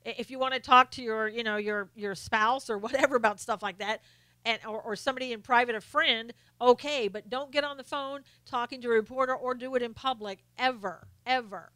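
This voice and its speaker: Blunt, bright-voiced woman hosting a live stream. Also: on the high side, fairly quick, dry recording. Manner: blunt and opinionated, answers viewer comments by name; scolding, lists points one by one. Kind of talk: political commentary live stream.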